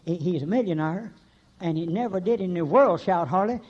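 An older man, preaching a folksy sermon full of stories, swinging between shouts and hushed talk. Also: sits high, brisk, muffled recording. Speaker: pastor.

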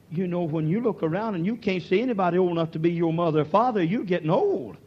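An older man preaching a sermon, moving from quiet folksy talk to shouted, drawn-out peaks. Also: high voice, expressive, husky, dull audio.

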